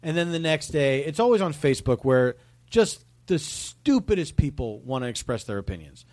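A man's voice: on the high side, big pitch swings, moderate pace, darkish tone. A man as a podcast guest, talking casually in an emphatic, indignant way.

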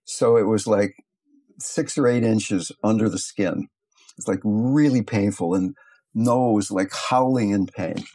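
An older man teaching meditation, telling stories in a calm, unhurried, reflective way. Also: lowish voice, breathy edge. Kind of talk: teaching talk with storytelling.

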